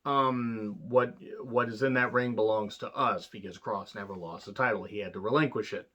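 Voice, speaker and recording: A man's voice: on the low side, normal speed, a bit bright. Blunt sarcastic man, lo-fi recording. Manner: blunt, sarcastic, rambling with restarts. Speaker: wrestling show reviewer. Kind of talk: casual profane review monologue.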